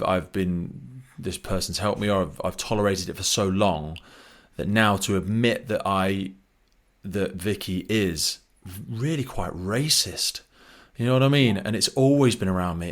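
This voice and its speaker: Deep-voiced man, podcast host, relaxed chat with lively asides. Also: moderate pace. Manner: chatty, animated retelling with quoted voices. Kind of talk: conversational interview.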